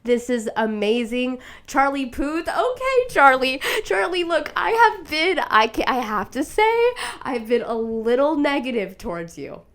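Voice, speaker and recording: A young woman talking casually on her own show, with a slightly high voice that jumps around a lot. She swears freely and gets emotional. Her laughs crack into near crying, and her voice goes loud and shrill in the excited bits. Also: a little slow, few pauses. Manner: emotional, swearing, laughing through tears, animated. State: sick, tearful. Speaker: podcast host. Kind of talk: casual monologue.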